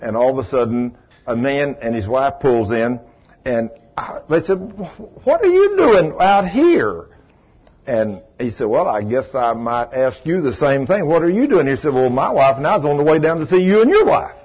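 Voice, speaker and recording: A middle-aged man, preaching a sermon as a folksy, animated storyteller who acts out the quotes. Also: medium pitch, normal speed, husky. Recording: dull lo-fi sound.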